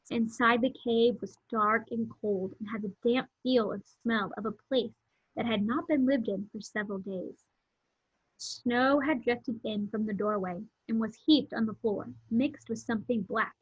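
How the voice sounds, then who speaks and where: A woman's voice: fairly high pitch, a bit bright, breathy edge, no echo. Woman reading a storybook aloud. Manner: pauses to explain words and events simply. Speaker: read-aloud narrator. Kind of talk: reading a novel aloud with explanations. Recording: dull lo-fi home recording.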